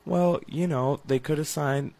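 A man's voice: a little high, measured pace, vocal fry, darkish tone. A man co-hosting a sports radio show, talking in a chatty, rambling, teasing way and often interrupting. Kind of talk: casual sports radio banter.

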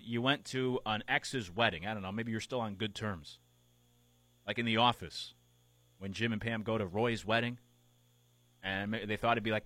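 A man's voice: mid-range voice, fairly bright tone, dry recording. A man hosting a sports talk show, musing aloud in a casual, conversational way and reaching for everyday analogies. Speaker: sports radio host.

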